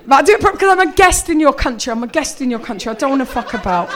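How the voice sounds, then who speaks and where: High-voiced British woman doing stand-up. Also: big pitch swings, rapid-fire, hardly any pauses. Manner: rambling, self-mocking, fake-solemn quotes breaking into giggly asides. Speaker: stand-up comedian. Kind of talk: live stand-up set. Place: comedy club stage in front of a live audience. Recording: live room with loud crowd laughter.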